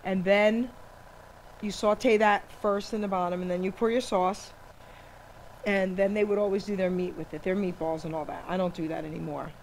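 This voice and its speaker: A woman radio host from an Italian-American family, chatting casually in a teasing, animated way and laughing often. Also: medium pitch, moderate pace, low-quality recording. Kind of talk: casual chat. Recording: live radio studio with faint noise.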